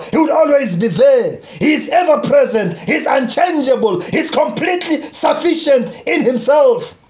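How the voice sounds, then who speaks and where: A man preaching a sermon, impassioned and repetitive, rising to shouts on key phrases. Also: very high voice, echoey room.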